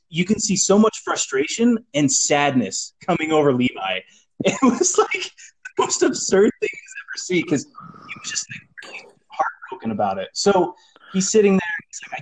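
A young man casually telling a story to friends over a phone call, acting out what others said and laughing often. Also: a little high. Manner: animated, acts out friends' lines, laughs often. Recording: phone call with faint noise.

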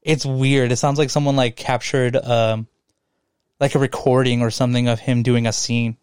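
A young man chatting casually on a podcast, swearing freely and breaking into laughs. His voice sounds smooth and resonant. The recording is dry and close. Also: medium pitch, level tone, moderate pace, darkish tone, dry recording. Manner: loose and profane, laughs often. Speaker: podcast co-host. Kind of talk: casual chat.

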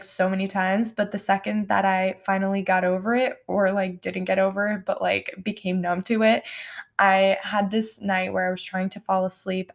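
A young woman from New York City hosting her own podcast, rambling in a self-deprecating way with lots of fillers. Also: mid-range voice. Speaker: podcast host. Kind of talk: casual podcast monologue.

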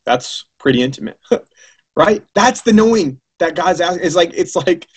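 A man preaching a sermon, telling his own story in a lively way and acting out the voices of the people he quotes. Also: sits high, normal speed, a little hiss or hum. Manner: animated, acts out quoted voices, many fillers. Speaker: preacher giving his testimony.

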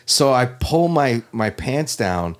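A man's voice: mid-range voice, very animated, takes it slowly, noisy background. A middle-aged man on a podcast, telling a crude story in a rambling way and acting out his own reactions. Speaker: podcast guest. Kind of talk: casual comedic storytelling.

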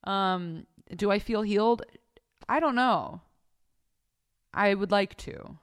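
Lying in her bedroom, a young woman podcast host tells a story slowly in a smooth, mid-range voice, the mic held close before her face. She's profane and lively, slipping into different voices for the people in her tale.

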